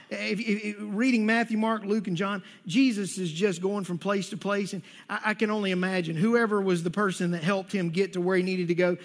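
A man's voice: high voice, fairly bright tone. A male pastor giving a conversational sermon to his congregation, often repeating words as he goes. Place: church sanctuary.

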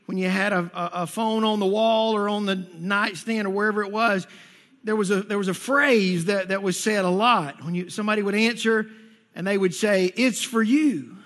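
A man's voice: high voice, steady tone, normal speed, fairly bright tone. A middle-aged man preaching a sermon as pastor, telling stories with stammered restarts and acting out the quotes. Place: church sanctuary. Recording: long reverb of a church hall.

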